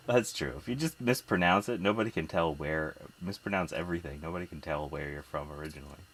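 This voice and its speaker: A man's voice: low-pitched, a little fast, a bit bright, slight background noise. A man from South Jersey and Philadelphia, hosting a casual live stream, chatting with viewers while repairing an old computer. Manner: chatty, reads viewer comments, muttering while working. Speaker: host repairing vintage computer.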